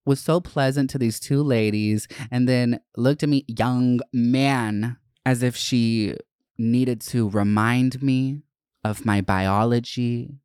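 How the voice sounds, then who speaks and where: A young adult host tells a story from their week in a loose, profanity-laced monologue and slips into higher voices for the people they quote. The voice is smooth and clear, recorded close on a dry mic with no room sound. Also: steady tone, slow, darkish tone, dry recording. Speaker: podcast host.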